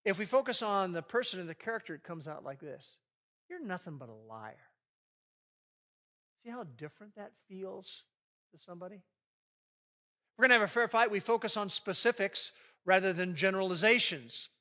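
A man's voice: sits high, fairly quick, pushed and bright. A man preaching a sermon on marriage to a live audience, acting out quoted arguments with animation. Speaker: pastor leading a marriage session.

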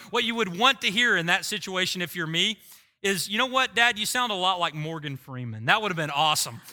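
A middle-aged man preaching a sermon, telling a self-mocking story with animated, humorous delivery. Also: high-pitched. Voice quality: voice likened to a screaming rock singer. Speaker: pastor.

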